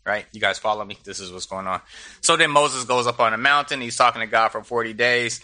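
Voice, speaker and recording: A man's voice: lowish voice, steady tone, fast talker, pushed and bright. A middle-aged man teaching a Bible study, retelling scripture with humor and slang.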